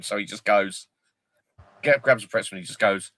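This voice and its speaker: A man hosting a casual livestream, joking, swearing and excitedly retelling film scenes. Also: fairly low pitch, normal speed, no room sound. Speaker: livestream host.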